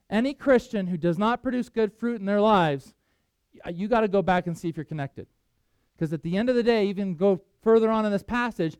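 Guy preaching, pretty high voice, chatty and earnest, pokes fun at himself, dry sound. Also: darkish tone, smooth, no echo. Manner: earnest, conversational preaching with self-deprecating asides. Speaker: pastor. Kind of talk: sermon.

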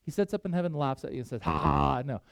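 A man's voice: on the high side, lively intonation, racing, dark tone, dry recording, studio quality. A man preaching a sermon, earnest and conversational, with self-deprecating asides. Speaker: pastor.

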